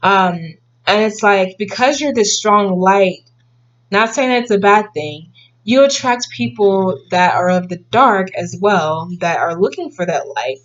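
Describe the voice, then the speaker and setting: A woman's voice: mid-range voice, animated, a little slow, muffled recording. A woman giving a casual tarot reading to her viewers, rambling with many fillers and restarts. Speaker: tarot reader.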